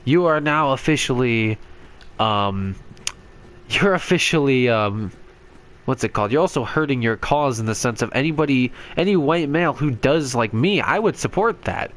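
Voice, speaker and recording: A man's voice: mid-range voice, lively intonation, normal speed, a bit bright. A young man hosting a game playthrough, chatting casually in a rambling way, laughing often and filling gaps with ums and likes. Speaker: gaming channel host. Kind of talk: casual chat while playing a game.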